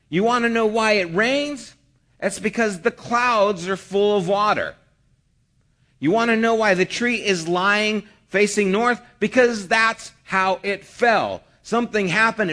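A man's voice: high-pitched, a bit bright. A man preaching a sermon in a conversational way, asking rhetorical questions and acting out the people he quotes. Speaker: pastor.

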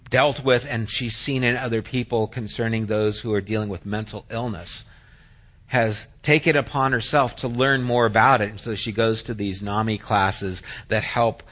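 A pastor preaches a sermon, first reading scripture dramatically, then speaking quietly and earnestly to the congregation. His voice is medium-pitched, and the recording has its highs cut off.

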